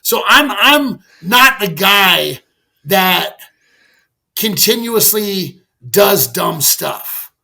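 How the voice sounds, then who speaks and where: Bright, gravelly-voiced middle-aged man. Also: sits high, drawn-out words. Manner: animated, candid, peppered with "like" and swearing. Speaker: podcast guest. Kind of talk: conversational storytelling.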